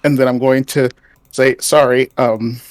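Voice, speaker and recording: A man player in a tabletop game who talks in a sheepish, halting way. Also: mid-range voice, fairly even intonation, a little mellow, no echo. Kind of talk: casual tabletop game chat.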